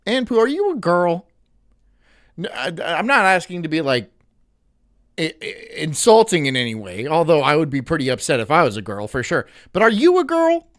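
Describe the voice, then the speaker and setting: A man hosting a reaction stream, talking in a mocking, loud way and repeating his jokes. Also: a little high, animated, normal speed. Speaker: streamer host.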